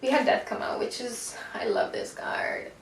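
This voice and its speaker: A woman with a fairly high voice and wildly swinging pitch talks at a normal speed, doing a casual pick-a-card tarot reading. She's chatty and slangy, swears, and calls the listener baby. The room is echoey, the mic sits at a distance, and there's faint noise.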